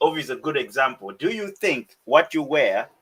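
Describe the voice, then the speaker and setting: A man's voice: medium pitch, big pitch swings, normal speed, a bit bright, a little hiss or hum, rough recording. A man hosting a casual panel discussion, talking reflectively and hedging with "you know". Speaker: panel host.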